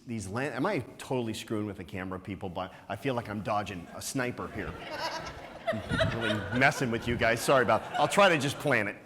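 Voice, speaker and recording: A man giving a motivational business talk to a live conference audience, energetic and teasing, throwing out rhetorical questions with a frequent "right?". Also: mid-range voice, background noise. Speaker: conference speaker. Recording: long hall reverb.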